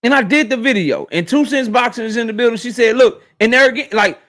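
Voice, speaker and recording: A man hosting a boxing livestream, ranting in a profane, animated, casual way straight to his chat. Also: extremely high pitch, fast, hardly any pauses. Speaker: boxing YouTube host.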